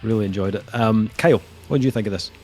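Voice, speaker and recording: A man with a somewhat low voice hosting a casual review podcast. He talks in a measured way, filling pauses with ums and uhs, with faint music underneath. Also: a little mellow. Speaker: podcast host.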